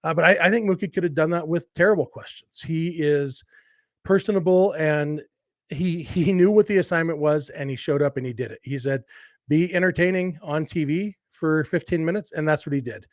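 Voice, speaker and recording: Male podcast host, somewhat high voice, eager and rambling, dry close mic. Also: moderate pace, no echo. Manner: enthusiastic, rambling with frequent restarts and asides. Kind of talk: casual solo podcast commentary.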